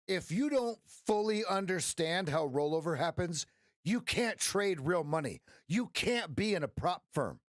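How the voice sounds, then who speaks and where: A man's voice: high-pitched, sing-song, measured pace, dry recording, studio quality. A man coaching traders on a live stream, blunt, passionate and profane. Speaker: trading coach.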